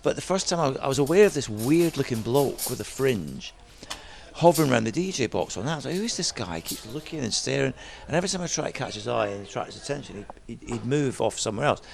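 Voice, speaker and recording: A man, a DJ guest, telling lively stories in a chat and mimicking other people's voices as he goes. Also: mid-range voice, quick pace, gravelly. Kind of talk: animated storytelling chat.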